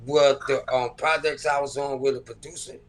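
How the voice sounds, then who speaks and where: A man's voice: mid-range voice, steady tone, normal speed, slight background noise, poor audio. A man, a rapper and producer, talking in a laid-back, slangy, profane way in a casual interview. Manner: laid-back, slangy and profane, with frequent "you know what I'm saying".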